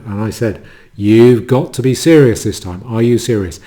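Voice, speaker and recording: A man giving a sardonic monologue commentary, full of mocking asides and halting restarts. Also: medium pitch, dark tone.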